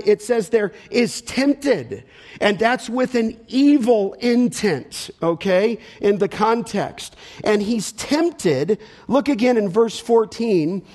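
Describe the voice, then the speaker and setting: A man teaching scripture as a pastor, emphatic and repetitive for stress, pausing to ask the audience to fill in words. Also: high-pitched, a little mellow. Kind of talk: expository Bible teaching.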